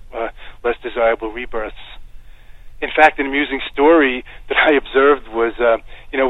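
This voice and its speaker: An American man, a Buddhist teacher, giving calm, meandering interview answers and leading a guided meditation. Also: medium pitch, dry recording. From United States. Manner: calm, unhurried, meandering with soft fillers. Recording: tinny phone-like line, dry.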